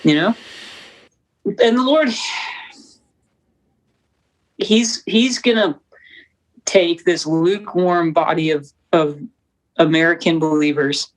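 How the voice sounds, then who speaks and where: A young woman, a documentary producer, talking as a guest in an interview, with fast, animated, preacherly storytelling. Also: fairly low pitch, poor audio. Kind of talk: conversational interview.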